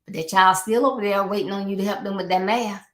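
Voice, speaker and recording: A woman's voice: mid-range voice, steady tone, fast talker. Chatty woman coach in an echoey room. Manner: conversational, teasing, acts out little scenes in voices. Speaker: life coach and show host. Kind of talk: casual live-show talk to viewers. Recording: roomy echo.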